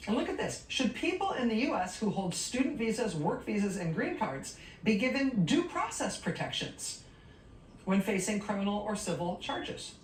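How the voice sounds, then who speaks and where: A woman news host runs through poll results with an animated, swinging delivery and sardonic asides. The sound is roomy and a little distant, with a faint rumble underneath. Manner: wry, sardonic asides between rapid-fire questions. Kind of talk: cable news commentary reading poll results.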